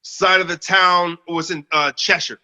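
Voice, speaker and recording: A man's voice: steady tone, moderate pace, bright, forceful tone, big-room sound. A young man from the US Northeast, cohosting a podcast in casual chat, telling a story with plenty of laughs and swearing. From Northeast United States. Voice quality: baritone.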